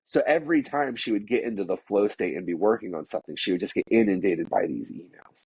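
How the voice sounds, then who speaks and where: A man with a low, slightly husky voice tells a story from his working life in an easy, conversational way. He rambles, fills his sentences with "like," and restarts his thoughts often. The recording sounds dull and lo-fi, with a dry, close sound. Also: quick pace, darkish tone, no echo. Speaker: podcast guest telling a work story. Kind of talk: casual storytelling.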